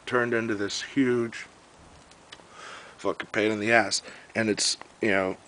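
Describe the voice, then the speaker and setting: A man's voice: on the low side, a bit bright, slight background noise, poor audio. A young man telling a story in a casual, profane, exasperated rant.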